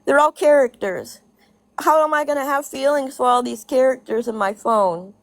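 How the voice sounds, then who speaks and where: A high-pitched woman vents straight to the camera, swearing freely and hammering each point home by saying it twice. Short laughs break up her complaints. The sound is dry and close, with no room around her. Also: moderate pace, no room sound. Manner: blunt, profane, laughing between points; repeats herself for emphasis. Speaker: social media commentator. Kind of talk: casual ranting vlog.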